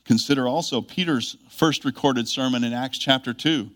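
A man delivers a sermon in an earnest, measured voice of middle pitch. He leans on key phrases with emphatic rises and reads scripture aloud. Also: fairly bright tone. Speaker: preacher.

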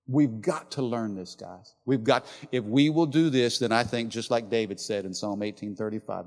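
A man's voice: lowish voice, moderate pace, hardly any pauses. Passionate preacher man in an echoing hall. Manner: passionate preaching, swinging from loud emphasis to soft quiet. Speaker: pastor. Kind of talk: sermon. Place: large church hall. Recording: reverberant church hall.

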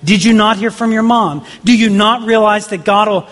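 A man voicing an exasperated, worn-down old male leader who fires off rapid rhetorical scolding questions. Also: high-pitched, fairly even intonation, a bit bright, pitched above the performer's own voice. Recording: long reverb of a large hall.

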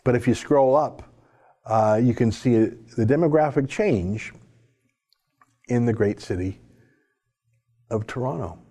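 A man's voice: medium pitch, slow, pauses often, warm tone. A man giving sarcastic, indignant opinion commentary while someone scrolls through articles for him. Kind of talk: opinion commentary reading from a screen.

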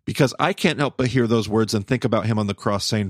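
A man's voice: lowish voice, fast, no echo, clean studio sound. A man hosting a podcast, thinking aloud in a casual Bible study discussion, searching for words and restarting phrases. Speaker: podcast host.

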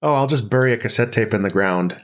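A man with a New York accent hosting a casual podcast chat, making dry, deadpan jokes. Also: mid-range voice, fast. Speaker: podcast host.

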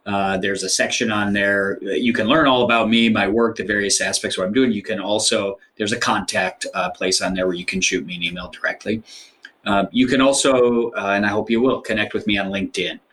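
A man's voice: lowish voice, steady tone, brisk, a bit bright. A man as an author guest in an interview, explaining ideas thoughtfully with frequent fillers. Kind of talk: interview conversation.

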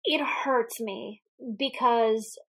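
A woman recaps a movie in loose, casual chat, laughing often as she goes. Her voice sits a bit high, animated and expressive, with freely dropped swear words. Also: very slow. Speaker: podcast co-host.

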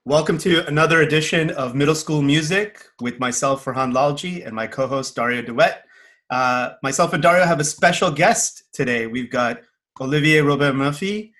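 A man's voice: a little high, normal speed, a bit bright, soft background music. A man from Canada hosting a podcast, chatting and joking in a friendly way with his guest. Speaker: podcast host. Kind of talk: casual interview.

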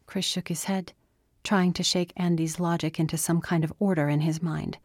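A woman narrating a story in a steady storytelling manner. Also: fairly low pitch, normal speed, dry recording, clean studio sound. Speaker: audiobook narrator. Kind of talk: scripted narration.

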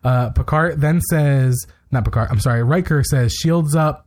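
A man's voice: mid-range voice, normal speed, a little mellow. A man co-hosting a podcast, casually recapping a TV episode and retelling scenes with quoted lines and plenty of fillers. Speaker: podcast co-host.

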